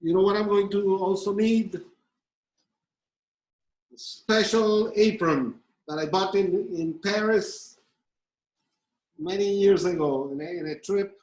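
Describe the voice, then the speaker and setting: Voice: medium pitch, normal speed, darkish tone, low-quality recording. A presenter giving a live cooking demonstration, speaking hesitantly with many fillers and restarts and explaining step by step. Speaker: pastry demonstrator.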